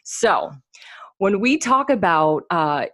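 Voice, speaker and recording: A woman's voice: medium pitch, big pitch swings, slow, a bit bright. A woman hosting a podcast, praising her guest at length before asking about his start. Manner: effusive, rambling, full of praise. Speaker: podcast host. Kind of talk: interviewing a guest.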